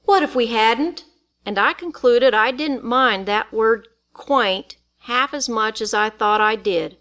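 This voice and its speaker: A woman's voice: fairly high pitch, slow, sharp tone. A woman narrating a story in the first person with folksy, rural dialect speech.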